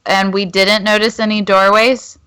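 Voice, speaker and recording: A woman's voice: mid-range voice, flat delivery, moderate pace, a bit bright, clear, resonant tone. A woman playing a tabletop game, chatty and hesitant, checking rules with lots of ums. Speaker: player. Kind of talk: casual tabletop play.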